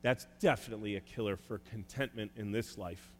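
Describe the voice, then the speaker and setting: A man preaching a sermon as a pastor, earnest and pausing often with "uh" as he urges listeners to repent. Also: lowish voice. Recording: echoey hall with faint hum.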